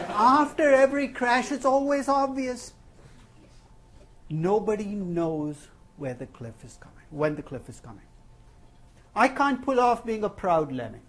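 A man's voice: sits high, unhurried, pauses often, breathy edge. A man teaching a finance class, telling stories with wry humor. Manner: animated storytelling with wry humor. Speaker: finance professor. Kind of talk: classroom lecture.

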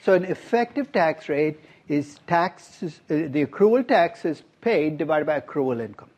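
A middle-aged male professor lectures a class in a slightly high voice that swings widely in pitch. He keeps putting questions to his students and slips in dry, wry asides. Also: animated, measured pace, a little mellow, lo-fi sound. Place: university classroom.

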